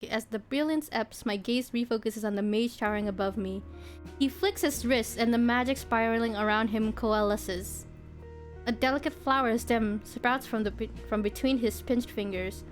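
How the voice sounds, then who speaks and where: A young woman streams herself reading a visual novel aloud, her voice sitting fairly high. She narrates with expression and drops into giggly asides, with soft game music under her. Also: moderate pace.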